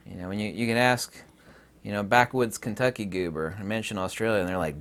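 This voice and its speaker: A man's voice: on the low side, a little fast, a bit bright. A man from the United States talking straight to his viewers in an emphatic, ranting monologue. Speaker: vlogger. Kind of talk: casual monologue to camera.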